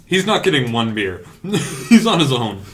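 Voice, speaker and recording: A man playing a tabletop game, joking around and quick to laugh. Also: mid-range voice, big pitch swings, fairly bright tone. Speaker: player.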